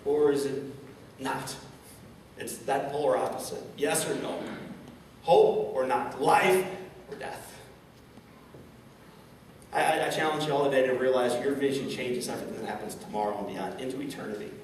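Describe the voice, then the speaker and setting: With a mid-range voice at normal speed broken by long pauses, a man from St. Louis, Missouri, gives an inspirational keynote, stammering into repeats and asking many rhetorical questions. The large indoor event hall echoes, he's far from the mic, and slight background noise is present.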